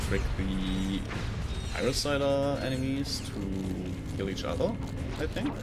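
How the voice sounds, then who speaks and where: A native German man talks through his gameplay as a VTuber streamer, unhurried and a little low in pitch. He keeps stopping and restarting his sentences with fillers. Loud game music plays behind him throughout. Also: vocal fry. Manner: hesitant, many restarts and fillers. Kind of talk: casual gameplay commentary.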